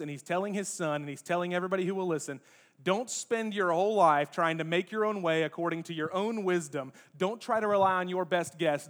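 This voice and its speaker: High-voiced pastor preaching conversationally. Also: male voice. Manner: lively, joking asides to the congregation. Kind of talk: conversational sermon. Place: church sanctuary.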